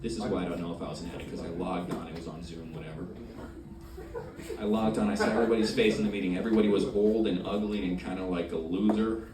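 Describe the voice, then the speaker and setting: A man doing a stand-up comedy set on a club stage, brash and crude, swinging from loud punchlines to mumbled asides. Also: low-pitched, steady tone, fast. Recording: roomy club sound from far off, loud crowd noise.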